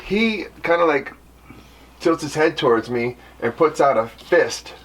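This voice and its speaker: A man from the Bay Area telling a story in a relaxed, rambling way, often saying "you know". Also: a little high, a little slow, husky, recorded from a distance. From Bay Area, California. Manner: laid-back, rambling, drops in "you know". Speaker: band member, podcast co-host. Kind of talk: casual storytelling chat. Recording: voice from off the mic with faint background noise.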